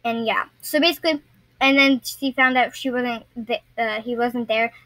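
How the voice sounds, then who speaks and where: A woman's voice: a little high, steady tone, moderate pace, a bit bright, dry recording, rough recording. A young woman vlogger telling a story casually to her viewers, rambling and often stumbling and restarting her sentences.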